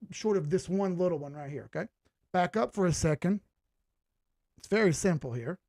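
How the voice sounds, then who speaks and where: Joking and chatting as he leads viewers through a crypto chart, this stream host keeps tossing out rhetorical questions. He has a high, slightly mellow voice, recorded with no room sound.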